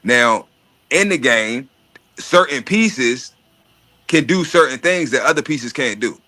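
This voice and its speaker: A man's voice: medium pitch, expressive, takes it slowly, bright, forceful tone. A man talking in casual chat about money and estates, profane and streetwise, often repeating words while he searches for them. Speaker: podcast host.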